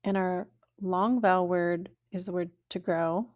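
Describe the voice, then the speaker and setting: A woman teaching a language lesson, saying each word slowly and clearly and then repeating it. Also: fairly low pitch, steady tone, darkish tone.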